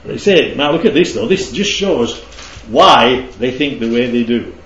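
Man, Bible study leader, animated pitch, roomy sound. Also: measured pace, slight background noise. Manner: keeps checking in with the group. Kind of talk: interactive Bible teaching. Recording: roomy, slightly dull recording.

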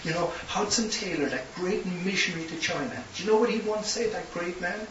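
A high-pitched Irish man speaks fairly quickly as he preaches a sermon, telling stories and building to impassioned emphasis. The recording is roomy, distant, hissy and lo-fi.

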